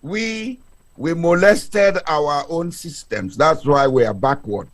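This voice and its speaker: A man's voice: on the high side, animated. A man calling in to a talk show, making short, blunt statements. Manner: blunt, slow, short assertions.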